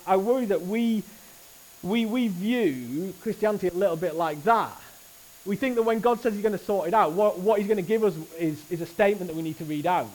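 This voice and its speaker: A man preaching a sermon at a church service, earnest and animated, often restarting his phrases. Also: high voice, poor audio.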